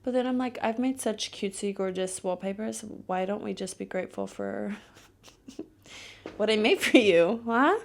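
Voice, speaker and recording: A woman's voice: mid-range voice, big pitch swings, moderate pace. A young woman hosting a solo podcast, telling stories in a blunt, profane, ranting way. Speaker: podcast host. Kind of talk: casual solo podcast monologue.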